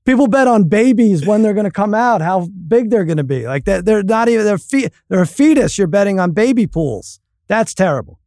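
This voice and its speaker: A man co-hosting a casual podcast, telling stories with animated outbursts and acted-out quotes. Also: high-pitched, fairly quick, no room sound, clean studio sound. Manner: animated storyteller, acts out loud outbursts. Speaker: co-host.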